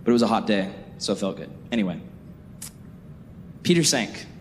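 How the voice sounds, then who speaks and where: A young man giving a youth sermon as a youth pastor, jokey and animated, acting out the people in his stories. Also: moderate pace. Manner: animated, jokey storytelling with acted-out voices. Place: church sanctuary. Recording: echoey hall with faint rumble.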